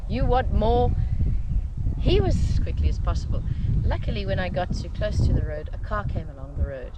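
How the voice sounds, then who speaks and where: South African woman, halting outdoor account. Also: on the low side, very animated, dull audio. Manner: halting, many fillers and restarts. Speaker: interviewee. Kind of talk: recounting an assault outdoors. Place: outdoors in open coastal land. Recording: loud wind and background noise outdoors.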